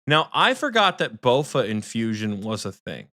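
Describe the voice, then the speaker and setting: A man co-hosting a podcast who tells a story in a casual, teasing, profane way, often speeding up into quick bursts. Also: medium pitch, very animated, bright, forceful tone, no echo, studio quality. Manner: rapid bursts of speech. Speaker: podcast co-host.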